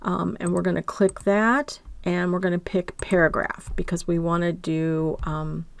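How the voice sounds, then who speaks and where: A woman with a lowish voice walks through a software lesson step by step at an unhurried pace. She narrates each click and keeps checking in with the listener. Her voice sounds close and dry, with no room around it. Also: flat delivery, vocal fry, no echo. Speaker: instructor.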